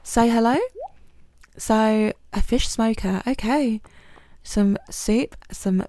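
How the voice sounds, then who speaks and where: A woman's voice: on the high side, takes it slowly, dry recording. A woman giving chatty, self-deprecating commentary over her gameplay, with plenty of ums. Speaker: gaming channel host. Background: soft game music.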